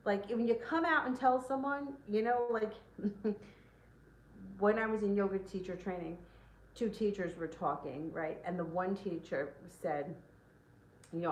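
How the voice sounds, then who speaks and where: A woman's voice: medium pitch, moderate pace. A woman doing tarot readings on a casual livestream, talking frankly with lots of "like" and the odd swear word. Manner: chatty, peppered with "like", frank swearing. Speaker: tarot reader. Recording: roomy echo with faint ambience.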